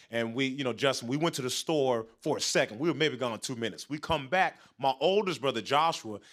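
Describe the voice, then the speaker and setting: High, bright-voiced male stand-up comic. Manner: animated, voice jumps high for punchlines. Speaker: stand-up comedian. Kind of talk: stand-up storytelling. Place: large TV studio stage with audience.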